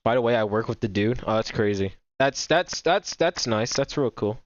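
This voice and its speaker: A young man reacting to a game and talking to his viewers, stumbling over repeated words and apologizing often. His voice sits in an ordinary middle pitch. The sound comes through a dull, lo-fi home microphone. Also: lively intonation, moderate pace. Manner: rambling, repetitive, apologetic. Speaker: gaming streamer. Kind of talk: casual reaction commentary while chatting with viewers.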